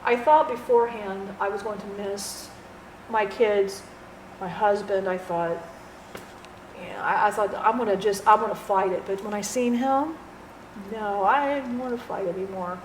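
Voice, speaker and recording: A woman channeling a departed friend, telling her story in an earnest, halting way with many restarts. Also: mid-range voice. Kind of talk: spiritual channeling testimony. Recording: roomy echo, faint background noise.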